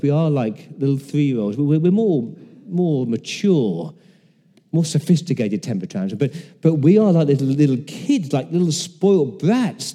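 A man's voice: mid-range voice, dark tone, long reverb tail. A man in his fifties preaching a sermon as pastor, earnest, repeating words and acting out quoted voices. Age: 50s.

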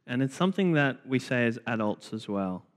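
A man, preaching a sermon in slow, deliberate phrases with repetition. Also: mid-range voice, very animated. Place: church. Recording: long church reverb.

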